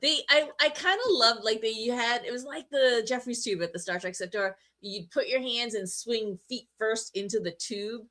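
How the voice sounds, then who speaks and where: Animated woman co-hosting a podcast. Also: on the high side, moderate pace, hardly any pauses. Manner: animated storyteller, acts out her own reactions. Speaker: podcast co-host. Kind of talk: casual chat.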